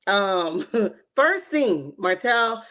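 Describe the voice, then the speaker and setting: A woman hosting a casual reality TV recap livestream, animated and slangy, often laughing and calling her viewers "honey.". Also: mid-range voice, drawn-out words. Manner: slangy and emphatic.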